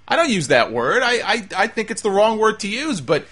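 A man's voice: sits high, very animated, fairly quick, few pauses, a bit bright. A man hosting a talk show, delivering an emphatic, exasperated opinion monologue. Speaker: wrestling talk show host.

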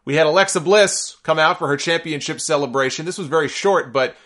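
A man hosts a solo podcast, running through the week in a bright, forceful voice. He is opinionated and sarcastic, and he gets exasperated and worked up along the way. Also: fairly high pitch, brisk. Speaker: podcast host.

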